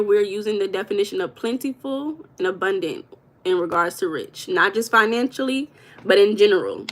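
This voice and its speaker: Her mid-range voice comes across pushed and bright as she hosts a casual live stream. Reading comments out loud, she stays affectionate and calls her viewers baby.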